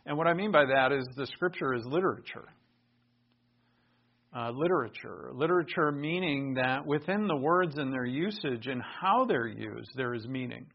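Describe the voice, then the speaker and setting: A man's voice: mid-range voice, lively intonation, normal speed, creaky. Man preaching, lo-fi sound. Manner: conversational teaching with rising emphatic bursts. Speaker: pastor. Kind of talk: sermon. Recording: dull lo-fi recording.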